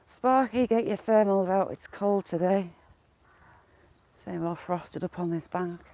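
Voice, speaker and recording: A woman's voice: on the low side, unhurried, warm tone. Chatty English woman on a countryside walk. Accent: English, mixed regional. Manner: chatty, greets viewers by name. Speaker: livestream host. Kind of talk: casual walk-and-talk livestream. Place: outdoors on a cold countryside walk.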